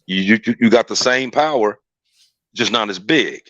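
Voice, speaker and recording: A man's voice: medium pitch, lively intonation, moderate pace, a bit bright, no echo, muffled recording. A man co-hosting a casual podcast, laid back, chuckling and leaning on "you know what I mean.". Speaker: podcast co-host. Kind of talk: casual chat.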